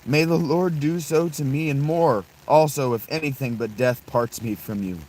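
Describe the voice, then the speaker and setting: A man voicing a loyal young widowed woman who makes an earnest, solemn vow, his pitch raised slightly. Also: normal speed, a little mellow, natural voice, low-quality recording. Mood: devoted.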